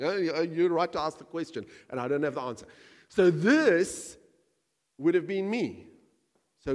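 Animated preacher in a reverberant hall. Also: male voice, a little high, unhurried. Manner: animated, acts out quoted voices, jokes with the congregation. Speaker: pastor. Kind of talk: sermon. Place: church.

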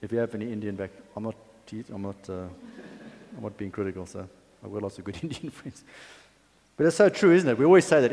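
A man's voice: lowish voice, quick pace, darkish tone. A man preaching a sermon in a conversational, chatty way, with asides and fillers. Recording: long hall reverb.

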